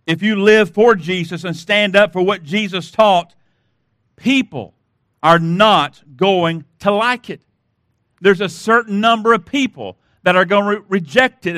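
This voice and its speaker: A man's voice: high-pitched, fairly bright tone, no echo, clean studio sound. A man preaching a sermon as pastor, emphatic, asking rhetorical questions and repeatedly urging listeners to listen.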